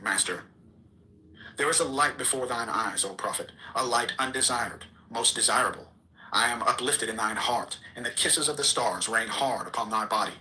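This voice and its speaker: Bright-voiced man reading scripture solemnly. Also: mid-range voice, low-quality recording. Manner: declamatory, archaic cadence. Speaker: reader.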